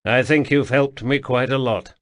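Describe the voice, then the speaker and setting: A man's voice: mid-range voice, fairly even intonation, moderate pace, fairly bright tone, close to an everyday voice. A man reading an audiobook voices a young male seer who questions ghosts in an urgent, commanding way. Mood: intense. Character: young male spirit-seer, intense, brusque then gentle.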